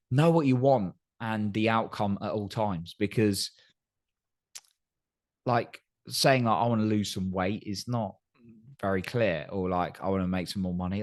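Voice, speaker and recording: A man hosting a solo podcast, giving earnest coaching advice and often checking in with "right?". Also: lowish voice. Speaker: podcast host. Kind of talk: solo motivational podcast talk.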